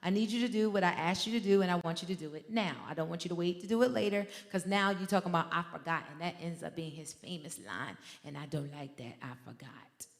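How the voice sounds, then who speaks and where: A woman's voice: lowish voice, fast talker, hardly any pauses. Fervent woman preaching in a reverberant hall. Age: adult with a teenage son. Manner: fervent, conversational preaching with story asides. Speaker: minister. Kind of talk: sermon.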